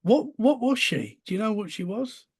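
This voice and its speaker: Podcast host: a man with a fairly high, creaky voice, asking brief casual questions. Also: very animated, moderate pace. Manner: brief questions and short reactions. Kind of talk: casual interview.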